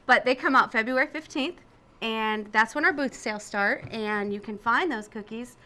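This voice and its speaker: A woman's voice: fairly high pitch, moderate pace, bright, forceful tone. A woman appearing as a guest on a morning TV show, speaking upbeat and agreeably about her organization. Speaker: fundraising director, guest. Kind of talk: TV interview guest.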